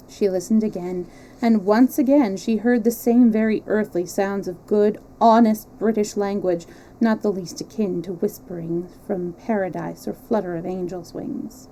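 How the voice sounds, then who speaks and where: A woman reading a classic novel aloud, expressive and measured, with small slips. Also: medium pitch, slight background noise, rough recording. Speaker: storyteller.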